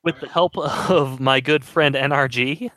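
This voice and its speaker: A man playing a tabletop role-playing game, speaking in a hurried, flustered way. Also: mid-range voice, bright, forceful tone, dry recording. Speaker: player. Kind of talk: tabletop play.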